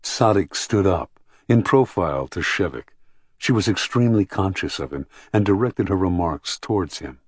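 Brief: male narrator, very low, husky voice, dry close studio sound, measured reading. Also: animated, no echo. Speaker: audiobook narrator. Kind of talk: scripted narration.

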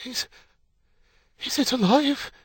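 A man's voice: sits high, animated, a little fast, dry recording, clean studio sound, voice pushed up. A man reading an audiobook, voicing a frightened young woman giving birth who wails and gasps. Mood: panicked. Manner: wailing, gasping, breathless pleas. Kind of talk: audiobook character voice.

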